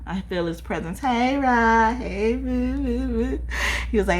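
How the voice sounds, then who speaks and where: Woman, tarot reader, casual spiritual reading, animated, profane, fairly high voice, very lively pitch. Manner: animated, profane and quick to laugh.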